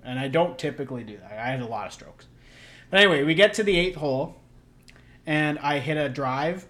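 A man's voice: a little high, animated, a little fast, a bit bright. A young man co-hosting a podcast, telling a long story in a rambling, laughing way with lots of fillers. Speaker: podcast co-host. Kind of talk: casual storytelling chat.

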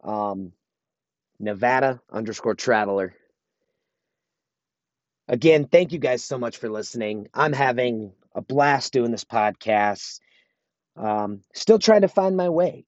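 In an unhurried, darkish, mid-range voice, a married adult man talks solo on his podcast; the lo-fi recording has no echo. His monologue is earnest and motivational, with repeated phrases used for emphasis.

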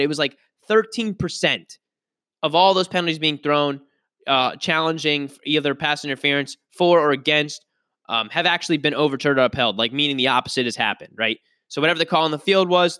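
A man hosts a solo sports podcast in a high, bright, forceful voice. He rants with frustrated emphasis and often stumbles and restarts mid-sentence. The sound is dry and close, with no room around it. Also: no echo. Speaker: podcast host.

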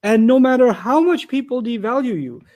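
A man's voice: very high-pitched, lively intonation, normal speed, a little mellow. A man giving an explanatory lecture on scripture, reading out Arabic terms and then explaining them in plain words. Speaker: Quran teacher.

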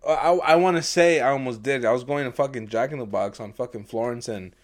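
Speaking a little fast in a mid-range voice, the young co-host of a casual podcast rambles along, cursing nonstop, often breaking into laughter and acting out what people said.

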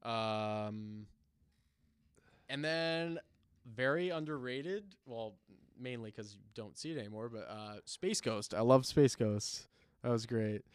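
A man's voice: mid-range voice, takes it slowly, smooth, dry recording. A man talking as a podcast guest, laid-back and rambling, swearing freely. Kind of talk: casual podcast chat.

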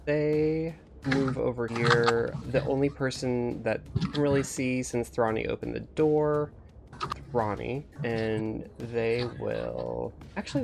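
Gravelly man running a tabletop game. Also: mid-range voice. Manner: steady, descriptive, checks rules aloud. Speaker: game master.

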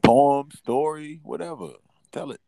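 A man's voice: fairly high pitch, a little slow, gravelly, a little mellow, no echo. A man hosting a casual live stream, loose and laughing as he coaxes callers to perform.

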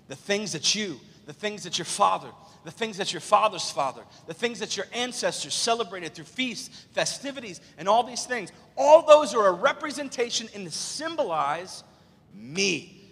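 A bright, high-pitched man preaching with eager, excitable energy. His voice has a husky edge and rings with long reverb through a large church sanctuary. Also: measured pace. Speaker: pastor. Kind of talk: sermon.

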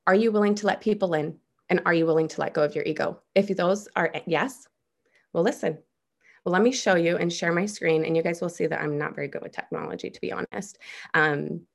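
Gravelly-voiced woman giving a pep talk. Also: fairly low pitch. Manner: upbeat, chatty, keeps saying "you guys". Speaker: trainer presenting on a video call. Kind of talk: casual motivational training.

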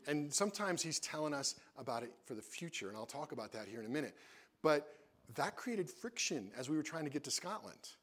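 A man's voice: fairly high pitch, very animated, a little fast, fairly bright tone. Earnest man sharing a mission story. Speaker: missionary co-host. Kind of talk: casual testimony talk.

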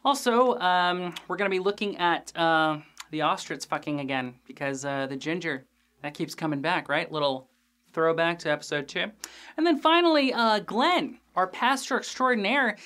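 A young man hosting a podcast, recapping an episode in a casual, animated, jokey way with crude asides and lots of fillers. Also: high-pitched. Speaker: podcast host reviewing a TV episode.

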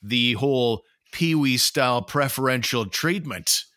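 A man with a bright, forceful voice co-hosting a casual sports podcast, recorded close and dry with no room sound. He lays out the news in a measured, informative way. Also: medium pitch, no echo. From Canada. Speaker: podcast co-host.

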